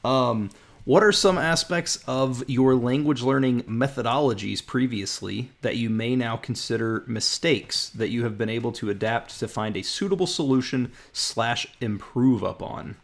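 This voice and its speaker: An American man hosts a relaxed live-stream conversation. He rambles and sprinkles "like" through his sentences, in a voice of middle pitch. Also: moderate pace, gravelly. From United States. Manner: loose, rambling, peppered with "like". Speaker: host.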